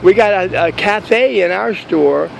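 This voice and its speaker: A smug, snooty grocery clerk, as a man puts him on talks down from a high, pinched voice with a gravelly edge. He sounds condescending and self-satisfied about his fancy store. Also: unhurried, slight background noise, exaggerated voice, poor audio.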